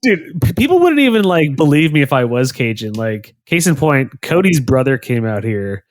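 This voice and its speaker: A man co-hosting a podcast in casual chat, an animated storyteller who laughs often. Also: mid-range voice, moderate pace, no room sound, clean studio sound. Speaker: podcast co-host. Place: Los Angeles.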